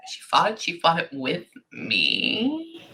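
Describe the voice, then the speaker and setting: A woman's voice: on the low side, huge pitch swings, slow, pushed and bright. A woman giving a psychic reading to a client, thinking aloud and stopping herself with "hang on" over and over. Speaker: psychic medium.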